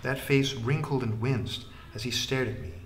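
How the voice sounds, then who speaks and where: A man narrating an audiobook in a measured way, trailing into a breathy hush at phrase ends. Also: mid-range voice, a little hiss or hum.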